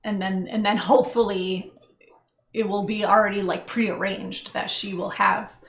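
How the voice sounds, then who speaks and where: A woman's voice: medium pitch, fairly even intonation, unhurried, vocal fry. A woman co-hosting a casual livestream chat as a kitten foster volunteer, talking earnestly and thoughtfully with many ums and restarts. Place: home living room. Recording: echoey room with faint hiss.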